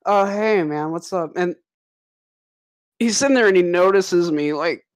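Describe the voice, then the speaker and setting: A man's voice: high-pitched, measured pace. A young man telling a long, profane story in a casual voice chat with friends, laughing as he goes.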